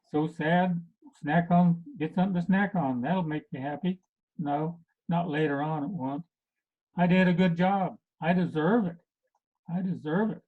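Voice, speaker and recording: Male health coach, casual group talk, fillers, pitched a bit high, phone-like audio. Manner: halting, many fillers. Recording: tinny phone-like recording.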